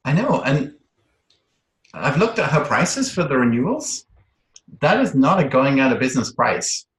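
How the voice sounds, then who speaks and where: Soft-spoken man on a roomy call. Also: mid-range voice, big pitch swings, measured pace. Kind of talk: casual chat.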